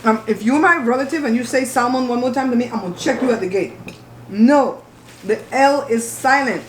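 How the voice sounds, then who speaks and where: A woman's voice: fairly high pitch, a little fast, slight background noise. Woman host, emphatic and outspoken, casual mealtime chat in a roomy room. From Belize. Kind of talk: casual chat while eating. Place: home, at the table. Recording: roomy echo.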